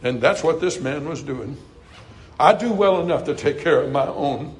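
A man preaching a sermon in a folksy, earnest way, rising to loud emphasis and dropping to hushed asides. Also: on the high side, normal speed, slight background noise.

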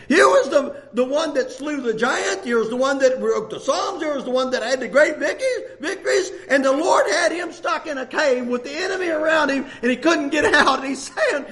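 Brief: high-voiced man, animated, impassioned shouting preacher. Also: normal speed, few pauses. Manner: impassioned, often shouting, with laughs. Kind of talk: sermon.

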